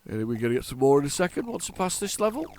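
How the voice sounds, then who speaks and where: A man's voice: fairly high pitch, sing-song, rapid-fire, darkish tone. Stuffy-nosed man rambling over gameplay. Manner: rambling, chatty, frequent restarts and repeated words. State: congested, stuffy nose. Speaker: retro gaming channel host. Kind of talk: casual gameplay commentary.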